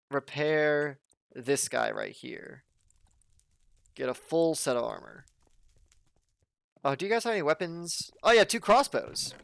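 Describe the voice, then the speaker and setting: A man's voice: on the high side, creaky. A man from the southern United States casually commenting on his gameplay, chatty and jokey as he thinks aloud. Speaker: let's play host.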